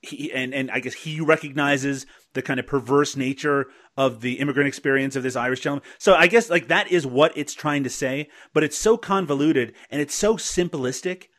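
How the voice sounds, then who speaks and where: Mid-pitched man hosting a podcast. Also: brisk, hardly any pauses, a bit bright. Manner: analytical, building points with hesitations. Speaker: podcast host. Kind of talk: casual film-review chat.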